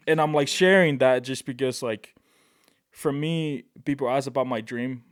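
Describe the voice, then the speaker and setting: A man from Tonga, a podcast guest, telling animated stories in a casual, excitable way with frequent "right?" asides. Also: mid-range voice, a little slow, no room sound, studio quality. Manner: animated, excitable, peppers speech with "right?" and "bro". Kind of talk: casual storytelling.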